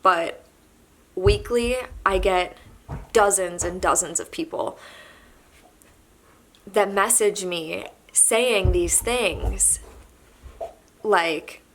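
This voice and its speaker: A young woman vlogging to camera, halting and soft-spoken as she admits she is pregnant and emotional. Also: mid-range voice, a little hiss or hum. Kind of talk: candid emotional confession to camera.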